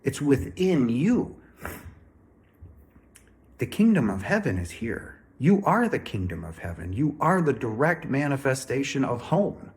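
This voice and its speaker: A man talks straight to his viewers in an earnest, emphatic way. He repeats phrases and keeps calling out to "ladies and gentlemen." He says he is still a little sick. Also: mid-range voice, very animated, a little slow. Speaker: spiritual speaker. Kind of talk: earnest direct-to-camera talk.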